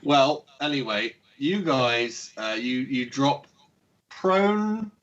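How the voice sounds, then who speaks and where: A man's voice: medium pitch, takes it slowly, a bit bright. A man running a tabletop game as dungeon master, describing scenes with many fillers and chuckles. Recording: muffled lo-fi stream audio.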